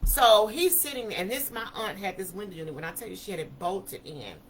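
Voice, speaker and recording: A woman's voice: mid-range voice, a little fast, soft background music, rough recording. A woman in her fifties telling a personal story to an audience in a vivid, emphatic manner with everyday vernacular. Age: 50s. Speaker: speaker. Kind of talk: personal testimony talk.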